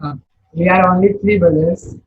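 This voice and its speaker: A man's voice: high voice, fairly even intonation, normal speed, narrow, tinny audio. A young man practising self-introduction sentences, hesitant and repeating lines to get them right. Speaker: English learner.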